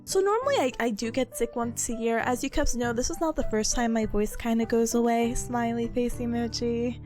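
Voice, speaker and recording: A woman streamer chatting casually, her voice a little sick and hoarse, animated and laughing often. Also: on the high side, fairly quick, music in the background. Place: small rented room indoors. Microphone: streaming setup with headphones on.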